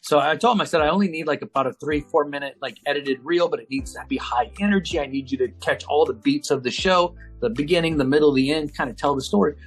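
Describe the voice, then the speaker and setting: Interview guest, male, husky tone, energetic anecdote teller who voices the people he quotes. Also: fairly high pitch, soft background music. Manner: acts out phone calls in quoted voices, lively and fast-paced. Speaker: guest, auctioneer and TV personality. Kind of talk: animated storytelling in an interview.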